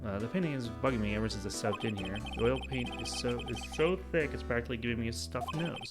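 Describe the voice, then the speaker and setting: A man's voice: medium pitch, quick pace, loud music behind the voice, close to an everyday voice. A man voicing an earnest, puzzled young male defense attorney in a wry reading voice.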